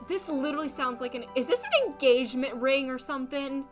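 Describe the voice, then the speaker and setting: A woman's voice: high voice, expressive, fairly quick, few pauses. A young woman streaming a game, chatting casually and thinking aloud. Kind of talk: casual gameplay commentary. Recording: stream with game music behind.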